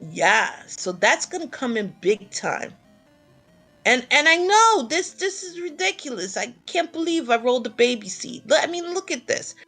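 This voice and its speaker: A woman with a New York accent casually commentating a video game tournament, excitable and quick to laugh. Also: sits high, faint music behind.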